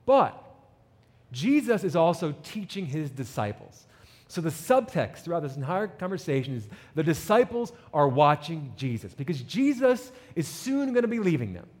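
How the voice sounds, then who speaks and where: A man preaching a sermon with an animated delivery, reading scripture and acting out the people in it. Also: a little high, long reverb tail. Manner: animated preaching, reads scripture and acts out quotes. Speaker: pastor.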